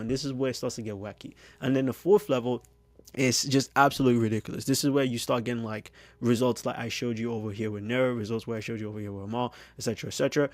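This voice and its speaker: A man's voice: medium pitch, darkish tone, no room sound. A man coaching on business, talking straight to camera in a casual, filler-heavy way. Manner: fast, casual, heavy use of filler phrases. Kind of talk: direct-to-camera business teaching.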